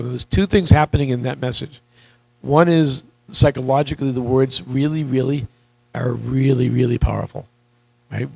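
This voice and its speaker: A man coaching real estate agents in a live seminar, energetic and repetitive, questioning the audience, with a voice that is wearing out. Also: medium pitch, normal speed, vocal fry, breathy edge, no echo, rough recording. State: losing his voice.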